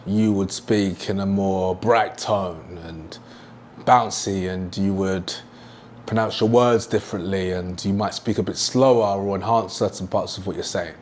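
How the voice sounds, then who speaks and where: A man's voice: fairly low pitch, measured pace, darkish tone, a little hiss or hum. A young man teaching a sales lesson at a whiteboard, emphatic and repeating his key points. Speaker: sales trainer.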